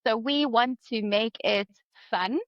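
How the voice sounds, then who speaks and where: A woman's voice: on the high side, slow pace, no room sound. South African woman in her thirties, friendly podcast guest, dry dull-toned audio. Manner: friendly, explanatory, laughs easily. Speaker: guest, dietitian. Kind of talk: podcast interview.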